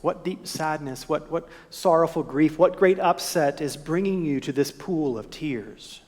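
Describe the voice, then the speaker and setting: A pastor delivers a sermon in a gentle, thoughtful manner, often ending his points with quiet rhetorical questions. His voice sits a little high for a man. The sound rings with the long reverb of a church sanctuary. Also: a little slow.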